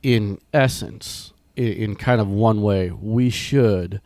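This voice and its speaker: A man co-hosting a ministry podcast in casual chat, talking in loose, restarting sentences while his voice is rough from being sick. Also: fairly low pitch, slow pace, darkish tone, no room sound. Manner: rambling, many restarts and fillers. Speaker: podcast co-host.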